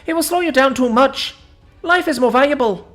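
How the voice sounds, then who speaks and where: A woman voicing a small alien forest villager who shouts urgent warnings and orders to the group. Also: high voice, moderate pace, faint music behind, pitched above the performer's own voice.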